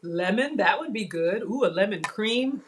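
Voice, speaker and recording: A woman's voice: mid-range voice, animated, normal speed, noisy background. A woman chatting casually to viewers while tasting food on a live cooking stream. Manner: chatty, addresses viewers as y'all, savoring food. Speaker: cooking vlogger.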